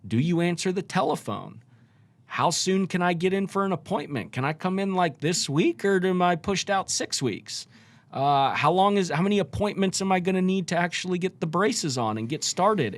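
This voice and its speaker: A man's voice: sits high, expressive, normal speed. A man co-hosting a podcast, chatting casually about sales and often shifting his tone up and down to make a point. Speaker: podcast co-host. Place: studio.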